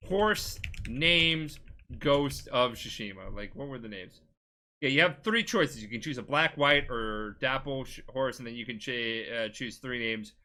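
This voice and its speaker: A man's voice: mid-range voice, pushed and bright. A tipsy man hosting a casual podcast, rambling, swearing and giggling as he retells a game plot. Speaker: podcast host.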